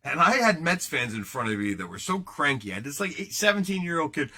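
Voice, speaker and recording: A man in his thirties hosts a live card break, joking and rambling loosely with his viewers. His voice sits a little high with a bright edge. It swings widely in pitch as he talks. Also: big pitch swings, fast, hardly any pauses. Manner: joking, rambling, banters with chat.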